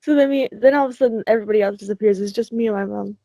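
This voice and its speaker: A woman's voice: mid-range voice, racing, dark tone, low-quality recording. A teenage girl co-hosting a podcast, rambling through a dream story in casual chat and laughing between lines. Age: teens. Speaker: podcast co-host.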